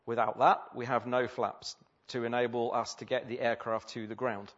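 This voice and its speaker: A composed male airline pilot delivers cabin announcements in a formal, level tone, as a preacher quotes him. His voice sits in an ordinary middle pitch. The recording is slightly dull and lo-fi. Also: flat delivery, normal speed, a bit bright, natural voice. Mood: calm announcing.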